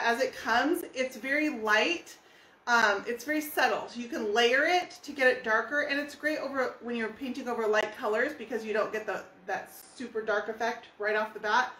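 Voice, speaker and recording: A woman's voice: fairly high pitch, sharp tone, distant mic, a little hiss or hum. A woman from California, teaching furniture painting live, explaining each step in a chatty, friendly way. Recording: echoey room.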